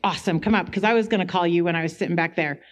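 A woman's voice: on the low side, racing. A woman sharing a personal faith testimony at a church gathering, telling it in a chatty way and acting out her own asides.

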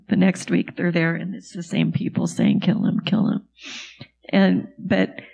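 A woman's voice: mid-range voice, creaky, a little mellow, slightly rough. A woman in an online Bible study group, sharing heartfelt reflections over a video call.

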